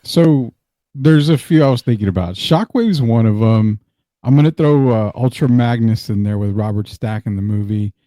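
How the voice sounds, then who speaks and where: Male podcast guest, mid-pitched, relaxed and candid, dry sound. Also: moderate pace, dry recording. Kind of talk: casual chat.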